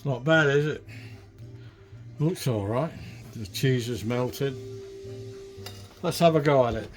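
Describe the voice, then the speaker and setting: A man's voice: medium pitch, takes it slowly. A man chatting casually as he cooks and eats on camera, self-mocking and talking with his mouth full. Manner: chatty, self-mocking, talks while eating. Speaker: cooking vlogger. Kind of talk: casual cooking vlog chat.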